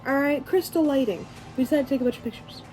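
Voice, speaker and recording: A woman's voice: high voice, fast talker, loud music behind the voice, rough recording. A teenage girl narrating her vacation vlog in a rambling, chatty way, full of fillers and restarts. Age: teens. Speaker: vlogger. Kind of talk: casual voice-over storytelling.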